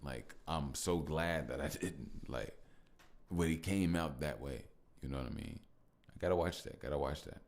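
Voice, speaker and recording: A man with an extremely low, gravelly voice talks alone into the mic for his podcast audience. He reflects and grows emotional, repeating phrases and thanking listeners as he goes. His delivery is loose and heartfelt. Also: normal speed. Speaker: podcast host. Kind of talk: reflective solo podcast talk.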